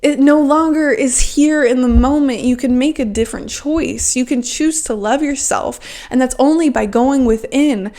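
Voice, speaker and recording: Young woman, high voice, fervent self-help monologue, filler-heavy, swears freely, podcast host. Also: normal speed, few pauses, warm tone. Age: 20s.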